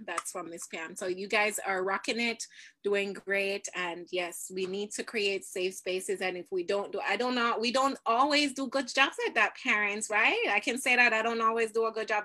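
A middle-aged woman hosting a live discussion, animated and laughing often as she talks to parents and viewers. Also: medium pitch. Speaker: host.

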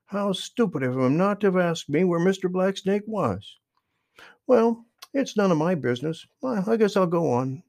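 A man's voice: sits high, lively intonation, moderate pace, gravelly, darkish tone, pitched above the performer's own voice. A man voicing a kind-hearted little male skunk in a storybook reading, grumbling and eager. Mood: worried.

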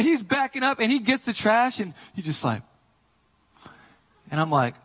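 Male pastor, slightly higher voice, relaxed conversational sermon with lots of fillers, shifts from hushed to animated. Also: moderate pace, big-room sound. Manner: casual, conversational storytelling with many fillers; swings between quiet earnest points and lively, loud retellings.

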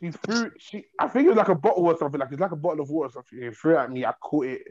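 A young man telling a long story in a rambling, animated way, repeating himself. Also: fairly high pitch, very fast, dull audio. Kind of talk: casual storytelling.

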